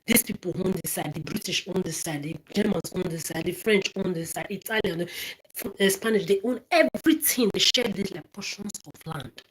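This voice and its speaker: A woman's voice: fairly low pitch, brisk, poor audio. A woman from Nigeria, delivering an angry, profane, repetitive monologue to camera. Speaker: social media ranter.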